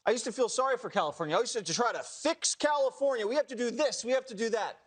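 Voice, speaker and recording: Male co-host, high voice, blunt and dismissive, punchy. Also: expressive, fast. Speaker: talk show co-host. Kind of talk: panel discussion.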